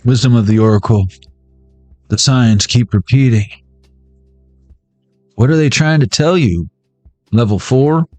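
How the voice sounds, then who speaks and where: A man's voice: medium pitch, a little slow, pauses often, a little mellow, no room sound, soft background music. Playful slangy man reading tarot. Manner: playful and jokey, slangy banter. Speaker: tarot reader. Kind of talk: casual pick-a-deck tarot reading.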